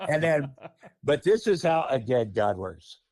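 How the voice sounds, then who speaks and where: A man telling a story on a podcast in a casual, animated, profane way. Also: mid-range voice, unhurried, crowd noise. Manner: animated, profane, laughing often. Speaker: podcast guest.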